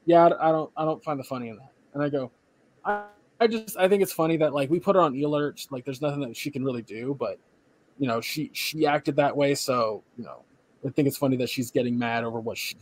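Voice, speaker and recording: A tired young man, a podcast co-host, casually retelling a work story and acting out the voices of the people in it. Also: on the high side. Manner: animated retelling, acts out quoted voices, swears casually.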